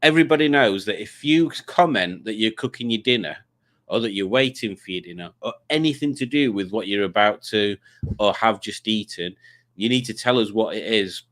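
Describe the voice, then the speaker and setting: A man's voice: lowish voice, normal speed, fairly bright tone. Male livestream host, casual rambling chat, stumbles and restarts. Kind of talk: casual chat reading comments.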